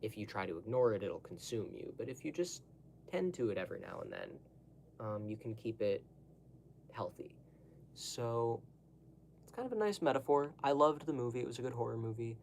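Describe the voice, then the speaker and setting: A man's voice: mid-range voice, big pitch swings, normal speed, vocal fry, darkish tone, a little hiss or hum. A young man talking casually to the camera, rambling through digressions with lots of fillers and asides. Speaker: vlogger.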